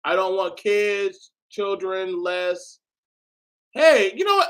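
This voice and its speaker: A high-voiced man talks over clips he is reacting to. He is loose and profane, and his voice swings into sudden shouts. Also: slow pace. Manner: animated, profane, bursts into shouting. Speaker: host reacting to videos. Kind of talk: casual reaction commentary.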